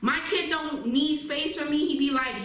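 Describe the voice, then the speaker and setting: A high-voiced woman speaks up emphatically as a parent co-hosting a casual podcast. She sits back from the mic in a very echoey room, with faint noise behind her. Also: steady tone, moderate pace, sharp tone, recorded from a distance. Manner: emphatic, laughs often. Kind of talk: casual chat.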